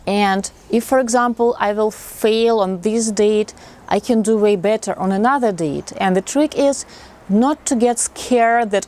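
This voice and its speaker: Female dating coach with a slightly high voice, instructive and friendly, talking straight to camera. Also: animated, measured pace, darkish tone. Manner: friendly and instructive, acts out sample lines. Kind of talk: advice monologue to camera.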